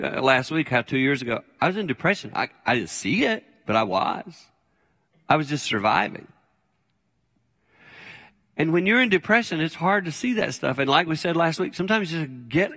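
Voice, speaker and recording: A man's voice: a little high, a bit bright. An older man preaching a sermon as a pastor, conversational and plain-spoken, repeating his key phrases. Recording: long hall reverb.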